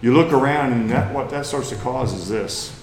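A man's voice: medium pitch, normal speed, a little mellow, echoey room, slight background noise, rough recording. A man from Missouri with a Missouri accent, preaching a lesson in a plain-spoken, folksy way that climbs into emphatic bursts. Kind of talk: sermon lesson.

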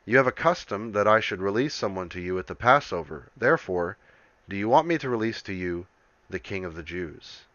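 Man voicing troubled male Roman governor, measured and questioning, low bright voice, dry lo-fi take. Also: expressive, dry recording.

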